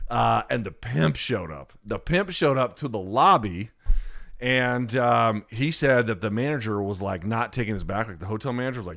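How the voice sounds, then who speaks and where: Profane, animated man telling a story. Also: on the low side. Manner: profane, animated storyteller acting out other voices. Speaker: podcast host. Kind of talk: casual storytelling and live chat.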